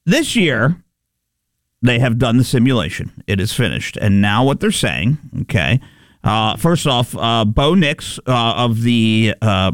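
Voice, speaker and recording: A man's voice: medium pitch, no room sound, clean studio sound. A man hosting a casual comedic news chat, talking through many fillers with chuckling asides. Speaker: host.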